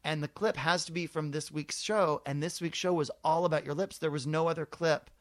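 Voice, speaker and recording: A man's voice: a little high, fairly even intonation, a little fast, fairly bright tone. A middle-aged man telling a long story in casual podcast chat, acting out the voices of the people in it.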